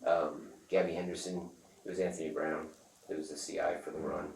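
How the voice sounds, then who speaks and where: A man telling a rambling, profane story in casual talk, acting out the other people's lines loudly. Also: extremely low pitch, level tone, fairly quick, vocal fry. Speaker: interviewee. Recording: echoey room, far from the mic, faint noise.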